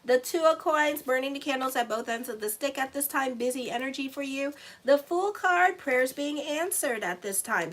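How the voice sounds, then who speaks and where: A woman's voice: a little high, fairly bright tone, rough recording. Give me a blunt, sassy woman reading tarot. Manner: blunt, sassy, talks straight to viewers with y'all and okay. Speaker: astrologer and tarot reader. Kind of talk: casual monthly tarot reading to viewers.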